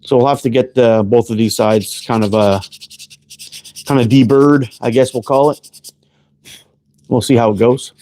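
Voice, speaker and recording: A man's voice: mid-range voice, fairly even intonation, measured pace, pauses often, dark tone. Laid-back, foul-mouthed man livestreaming. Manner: laid-back, profane, greets viewers by name. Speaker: livestream host and slingshot maker. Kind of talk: casual livestream chat while woodworking. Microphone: camera close up, leaning in to read chat.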